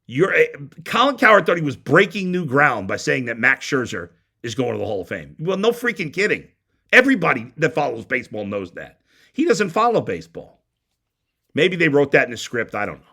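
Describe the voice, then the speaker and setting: A man's voice: medium pitch, big pitch swings, fairly quick, gravelly, bright, forceful tone, breathy edge. A man hosting a sports talk show, ranting bluntly and heatedly with frequent stumbling restarts. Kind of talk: opinionated sports radio rant.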